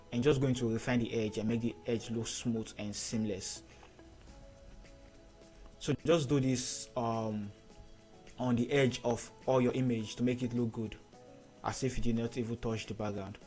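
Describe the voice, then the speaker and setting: A man teaching photo editing in a screen-recorded tutorial, giving steady step-by-step instructions and repeating key points. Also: medium pitch.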